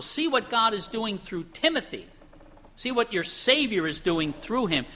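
A man preaching a sermon in an animated way, acting out the voices of the people he quotes. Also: high-pitched, normal speed.

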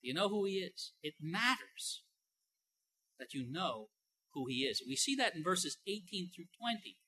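Male pastor, sermon delivery, bright edgy tone, emphatic, talky with "you know" fillers. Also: sits high, very animated, normal speed, breathy edge, low-quality recording. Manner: swings between soft and loud emphasis.

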